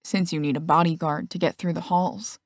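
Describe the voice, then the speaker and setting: A woman's voice: sits low, fairly even intonation, a little fast, no room sound, studio quality. A woman voicing a protective, earnest teenage boyfriend.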